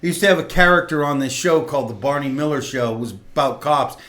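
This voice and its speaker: A man's voice: medium pitch, quick pace, fairly bright tone. A middle-aged man hosting a local talk show, giving an earnest, rambling motivational talk with many fillers and restarts.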